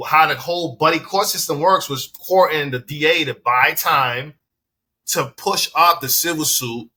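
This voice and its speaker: A dispensary owner from the Bronx, New York, guesting on a podcast, tells a story in a casual interview, acting out both sides of conversations and swearing freely. His voice is fairly high, bright, forceful and slightly rough.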